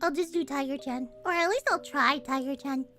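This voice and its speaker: A woman's voice: high voice, fairly quick, sharp tone, soft background music. A woman streamer chatting casually while reading a game aloud, playful and jokey, swearing and laughing often. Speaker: streamer and voice actor.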